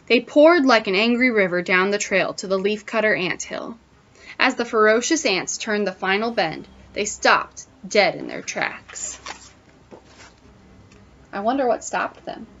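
A woman's voice: medium pitch, lively intonation, unhurried, fairly bright tone, slight background noise. Woman teacher, picture book read-aloud, wondering aloud, dull lo-fi sound. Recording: dull lo-fi recording.

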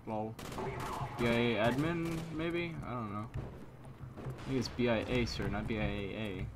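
Goofy man commentating over loud gunfire. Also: unhurried, background noise. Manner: swings between loud exasperated outbursts and low mumbling asides; goofy, self-mocking, talks trash at opponents. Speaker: gameplay commentator. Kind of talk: live shooter gameplay commentary. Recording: game gunfire clearly heard behind the voice.

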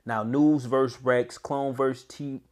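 A man hosting battle rap reaction commentary, slangy, swinging from low mutters to high, heated yelling. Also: fairly even intonation, measured pace.

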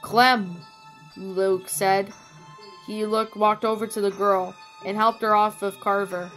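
A woman reads a fan story aloud in a mid-pitched, plain narrating voice. She trips over a word now and then, and faint background music plays. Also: little pitch movement, a little slow, fairly bright tone. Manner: plain reading with small slips. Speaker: story reader. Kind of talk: reading fan fiction aloud.

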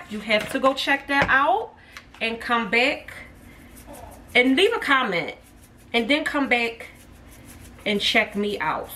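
A woman chats to her viewers while she cooks in her home kitchen. Her voice sits on the higher side. She is picked up by a phone set back from her, so she sounds distant, with clear noise behind her. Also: bright, forceful tone. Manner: chatty, addresses viewers as y'all. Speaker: cooking vlogger. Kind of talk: casual cooking vlog. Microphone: phone camera set back.

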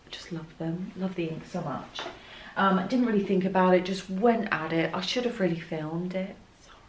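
A woman's voice: lowish voice, normal speed, a little hiss or hum. Chatty woman in echoey studio. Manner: chatty, thinking aloud, self-deprecating. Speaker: art vlogger. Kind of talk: casual studio vlog. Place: art studio, indoors.

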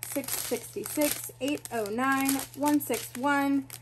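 A woman's voice: high voice, slow, a little hiss or hum, rough recording. A woman in her twenties, chatting casually as she unboxes a craft kit and reads out long strings of numbers. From South Florida, US. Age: 20s. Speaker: craft vlogger.

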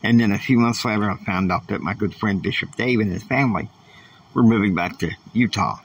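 A man's voice: on the low side, a little fast, recorded from a distance, a little hiss or hum, poor audio. A man hosting a podcast, giving an earnest, emphatic faith-based motivational talk. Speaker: podcast host.

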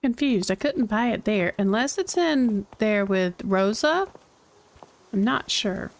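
A woman's voice: medium pitch, expressive, takes it slowly. A woman streaming a cozy game, thinking aloud in casual, chatty commentary. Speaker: gaming streamer.

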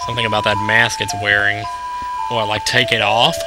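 A young man casually commentating a video game, excitable and jokey, thinking aloud as he plays. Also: fairly low pitch, brisk, noisy background. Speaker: let's play commentator. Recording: game music playing behind voice.

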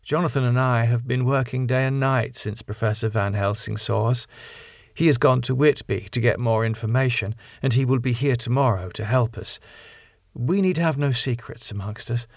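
A man reading an audiobook, voicing a gentle but resolute young woman who speaks gravely and appealingly. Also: mid-range voice, normal speed, no room sound, studio quality, natural voice. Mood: earnest.

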